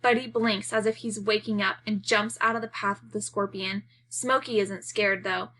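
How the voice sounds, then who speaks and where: A woman reading a children's novel aloud as narrator, raising her voice for the shouted lines. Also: mid-range voice, fairly even intonation, normal speed. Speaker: reader.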